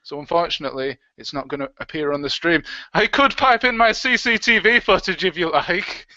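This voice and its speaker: Brisk and animated, a man with a slightly high, bright, forceful voice and no room sound co-hosts a livestream. He keeps things chatty and jokey, reading out comments from viewers over dull, low-fidelity audio.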